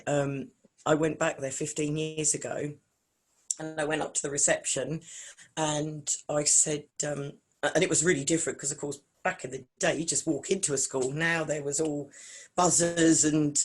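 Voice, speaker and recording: A woman in her forties, a singer and vocal coach, is a guest in a casual interview, telling animated stories and acting out the quotes. She speaks at a moderate pace in a deep voice.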